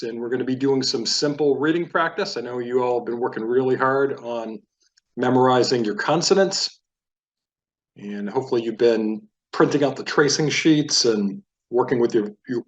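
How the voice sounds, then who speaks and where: A man teaching a beginner reading lesson, patiently explaining sounds step by step. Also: medium pitch. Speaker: Hebrew teacher.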